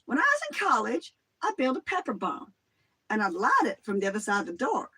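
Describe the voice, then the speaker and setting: A livestreamer putting on a voice for an excitable young man recalling college pranks. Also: mid-range voice, brisk, slightly rough, full character voice. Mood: gleeful.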